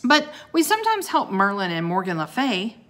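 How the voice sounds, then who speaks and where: A woman reading aloud and voicing an eager, chatty nine-year-old girl with a bright, raised voice. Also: mid-range voice, wildly swooping pitch, moderate pace. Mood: earnest.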